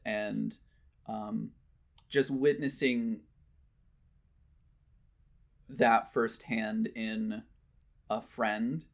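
A man's voice: on the low side, vocal fry. Earnest man in casual conversation. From United States. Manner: earnest, thoughtful, many restarts.

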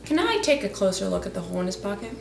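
A woman's voice: medium pitch, big pitch swings, very fast, creaky, a little mellow, far from the mic. A woman playing a tabletop game, teasing and blunt. The recording is echoey, with faint music. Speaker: player. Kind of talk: casual tabletop play.

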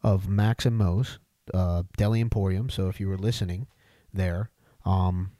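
Male radio host, relaxed and encouraging, lower voice, dark dry tone. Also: unhurried, dry recording. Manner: easygoing, filler-heavy, encouraging. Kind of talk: casual radio talk.

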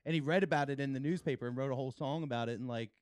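A man co-hosting a podcast, telling stories in a laughing, animated way. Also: medium pitch, racing, dry recording, clean studio sound. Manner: laughing often, animated storyteller. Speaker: podcast co-host. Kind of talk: casual chat.

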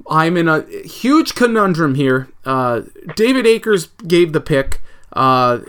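A man co-hosting a casual sports podcast, rambling and animated with mock outrage at rival teams. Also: on the high side. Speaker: podcast co-host.

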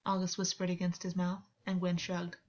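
A woman reading fan fiction aloud, with calm, steady storytelling. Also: lowish voice, normal speed, muffled recording. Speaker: audiobook reader.

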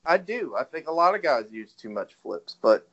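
A man's voice: on the high side, big pitch swings, normal speed, a crowd in the background. A man co-hosting a casual wrestling podcast, rambling, swearing and laughing as he retells what others said. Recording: dull lo-fi audio.

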